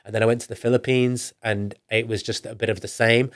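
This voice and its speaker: A man's voice: medium pitch, flat delivery, a little fast. A man with a northern English accent, a business guest telling his story in a casual podcast interview, rambling along with restarts and acting out the things people said to him. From northern England. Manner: rambling, with restarts and acted-out quoted dialogue. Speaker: entrepreneur guest.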